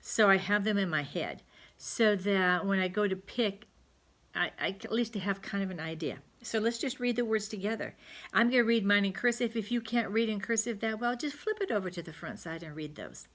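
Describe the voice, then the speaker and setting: A middle-aged woman teaching a recorded spelling lesson to second graders, chatting slowly and gently with many pauses and fillers. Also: mid-range voice.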